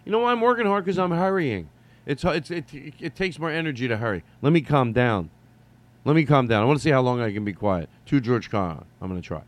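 A man hosting a casual solo podcast, telling rambling, animated stories with some swearing. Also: mid-range voice, fast talker. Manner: rambling, animated storytelling with profanity. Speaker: podcast host.

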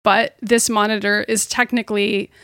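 A woman co-hosting a casual video game podcast, wry and quick to laugh. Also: medium pitch, level tone, fairly bright tone, dry recording, studio quality. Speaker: podcast co-host.

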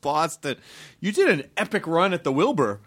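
A man hosting a podcast in casual chat, chatty and quick to laugh. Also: high voice, very animated, a bit bright, breathy edge, no room sound, studio quality. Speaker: podcast host.

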